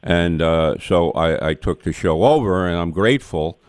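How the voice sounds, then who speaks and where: A man's voice: low-pitched, animated, moderate pace, smooth, dry recording, clean studio sound. A man who works as a radio disc jockey, telling a plain, reflective story. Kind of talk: casual radio talk.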